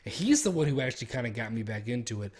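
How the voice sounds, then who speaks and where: A man's voice: mid-range voice, very animated, racing, a little mellow, slightly rough. A young man streaming, chatting casually in a rambling, profane way and laughing at his own stories. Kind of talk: casual chat.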